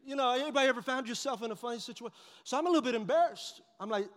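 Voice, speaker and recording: A man preaching a sermon and telling a humorous story, animated and lively, dropping to hushed tones for his inner thoughts. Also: very high-pitched, rapid-fire. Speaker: pastor. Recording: long reverb of a large hall.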